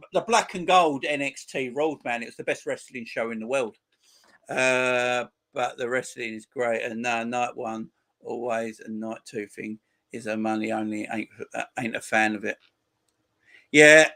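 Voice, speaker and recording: A man's voice: mid-range voice, a bit bright. A man in his forties hosting a football channel, chatting casually with viewers on a live stream in crude, mocking banter. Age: 40s.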